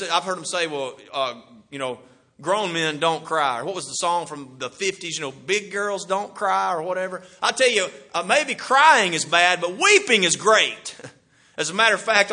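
A middle-aged man preaching a sermon, swinging from loud bursts to hushed asides. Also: sits high.

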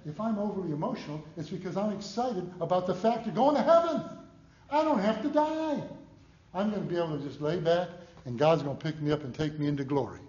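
A man preaching a sermon with emotion, swinging from hushed asides to loud shouts. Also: on the high side, lively intonation, fast. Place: church. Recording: echoey church room, dull lo-fi sound.

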